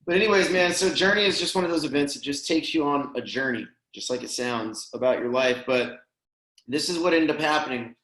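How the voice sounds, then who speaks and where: A man's voice: fairly high pitch, fairly quick, a bit bright. A man telling a heartfelt story as a podcast guest, earnest and emotional, often saying "man" and "dude". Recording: roomy echo.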